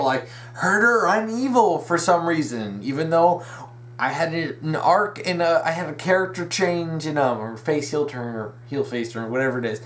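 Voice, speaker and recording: A young man hosting a casual fan commentary video, rambling, restarting his sentences and correcting himself with eager, opinionated enthusiasm. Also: fairly high pitch. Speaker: video essay host.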